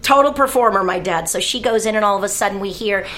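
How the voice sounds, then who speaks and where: A woman from California, a guest performer on a talk radio show, telling a lively anecdote and acting out voices and snatches of song. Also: medium pitch, fast talker. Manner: lively storyteller, acts out voices and sings bits.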